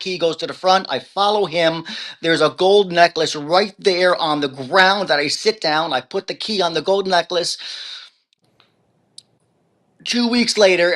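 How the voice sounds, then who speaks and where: A man with a somewhat high voice tells his story as an interview guest over a video call. He swings between hushed and loud, and he laughs often. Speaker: author guest.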